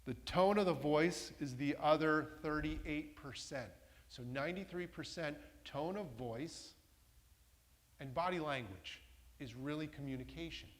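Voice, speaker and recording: A man's voice: on the high side, unhurried. A man giving an interactive workshop talk to a live audience, often putting questions to them. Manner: engaging, asks the audience questions. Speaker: workshop presenter. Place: large meeting room with a masked audience. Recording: long reverb from a hall.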